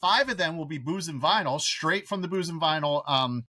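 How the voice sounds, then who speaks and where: A middle-aged man co-hosting a casual podcast, telling animated stories and swearing freely. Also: on the high side, normal speed, dry recording. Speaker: podcast co-host. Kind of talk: casual chat.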